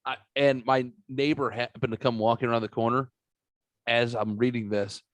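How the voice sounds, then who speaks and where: A man's voice: mid-range voice, little pitch movement, normal speed, dry recording. A man co-hosting a podcast, telling a rambling, profane story in casual banter. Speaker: podcast co-host.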